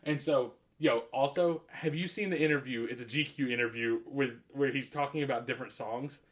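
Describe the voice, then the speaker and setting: A man hosting a podcast in casual chat, animated, laughing often and swearing, with lots of filler words. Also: medium pitch, a little fast. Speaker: podcast host.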